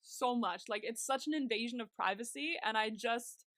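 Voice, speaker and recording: Bright, fiery young woman co-host. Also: on the high side, no echo, clean studio sound. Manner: animated, swears freely, quick bursts of anger. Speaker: podcast co-host. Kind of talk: casual chat.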